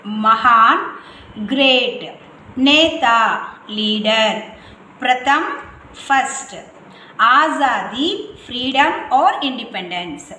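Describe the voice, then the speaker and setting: A woman teacher, slowly drilling vocabulary word by word in a revision lesson. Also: on the high side, sharp tone, slight background noise. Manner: slow, repetitive word-by-word drilling. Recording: echoey room with faint ambience.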